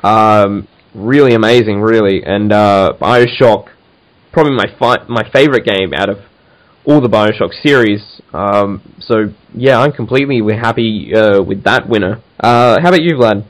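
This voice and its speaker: A man's voice: on the low side, normal speed, poor audio. A man hosting a casual podcast chat, talking with enthusiasm and many fillers and restarts. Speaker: podcast host.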